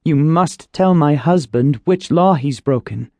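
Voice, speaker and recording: A man's voice: fairly high pitch, a little slow, a little mellow, no room sound, pitched above the performer's own voice. A male audiobook narrator voicing an earnest, insistent middle-aged mother. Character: woman, middle-aged mother, firm and pleading. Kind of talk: audiobook character voice.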